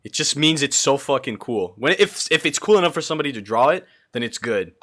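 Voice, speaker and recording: A young man from Brazil doing live gameplay commentary as a streamer, excitable and quick to swear and yell. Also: medium pitch. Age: young adult. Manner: excitable, swears often, yells and laughs in frustration.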